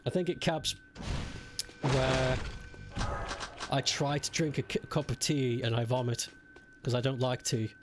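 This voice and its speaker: A man's voice: medium pitch, little pitch movement, unhurried, pauses often, noisy background. A young British man streaming a game, chatting with viewers, joking and swearing casually. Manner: chatty, swearing, laughing with chat. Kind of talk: casual gameplay commentary. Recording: game music behind. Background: game music.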